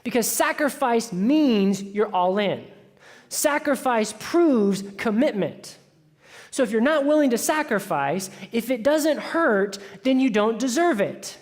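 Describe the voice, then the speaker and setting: A man preaching a sermon as pastor, telling the story in a conversational way and dropping into hushed asides. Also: very high voice, lively intonation, takes it slowly. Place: church sanctuary. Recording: church hall with long reverb.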